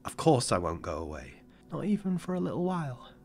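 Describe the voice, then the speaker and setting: A man reading an audiobook voices a worn, protective father who speaks gently and reassuringly. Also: mid-range voice, wildly swooping pitch, fairly quick, vocal fry, soft background music, voice pushed up.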